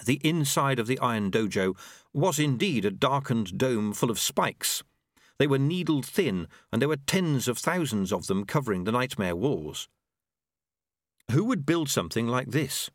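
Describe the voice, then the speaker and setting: A man reading a story aloud as narrator, with expressive storytelling. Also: medium pitch, normal speed, dry recording, studio quality. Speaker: audiobook narrator. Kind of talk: scripted narration.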